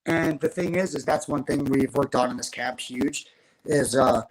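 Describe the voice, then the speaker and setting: A man's voice: mid-range voice, moderate pace, low-quality recording. A man in his thirties, a guest fighter in a casual interview, talking in long rambling runs with many restarts.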